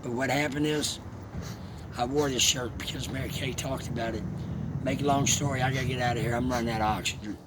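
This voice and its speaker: A man telling a heartfelt personal story in a rambling, halting way, as a vlogger. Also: mid-range voice. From Alabama. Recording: steady background noise, vehicle sounds.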